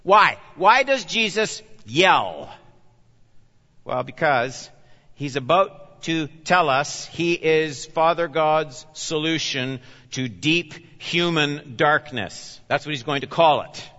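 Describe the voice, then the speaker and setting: A bright, forceful-voiced male pastor preaching a sermon, pitched a touch high. His delivery swings from urgent, emphatic calls to quiet, confiding asides. The sound is dull and lo-fi, carried by a long reverb through a big church hall. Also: animated, slow pace. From Canada.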